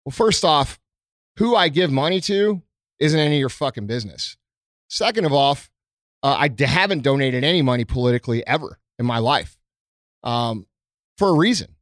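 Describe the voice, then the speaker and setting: Recorded at studio quality with no room sound, a man with a fairly high, slightly bright voice talks to his followers inside his company premises. A small business owner, he gives an unscripted, heartfelt monologue, earnest and emotional, with plenty of swearing, ums, and restarts.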